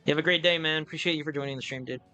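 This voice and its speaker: A man's voice: on the high side, steady tone, racing, bright, forceful tone, faint music behind. A man streaming a game, chatting casually and thinking aloud in a self-amused way. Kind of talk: casual live-stream commentary.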